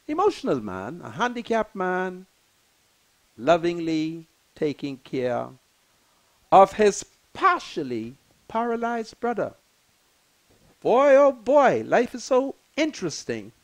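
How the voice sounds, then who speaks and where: A man's voice: sits high, huge pitch swings, takes it slowly, long pauses. An older man hosting a live TV talk show, emotional and exclamatory, repeating his phrases.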